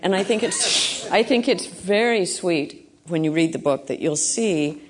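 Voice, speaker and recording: A woman hosting a radio interview, drawing out her guest with encouraging prompts. Her voice sits very low for a woman. She speaks from a radio studio. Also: animated, a little slow. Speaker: radio host.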